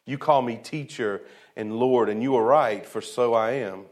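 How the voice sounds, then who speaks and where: A man preaching a sermon in a casual, colloquial way, his voice swinging from loud to hushed and slowing down for emphasis, with asides to the congregation. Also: medium pitch. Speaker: pastor.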